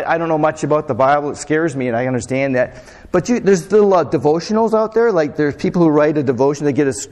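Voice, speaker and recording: Pastor, male, conversational sermon, voice pitched a touch high, long hall reverb. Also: a little mellow. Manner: conversational, asks the congregation questions.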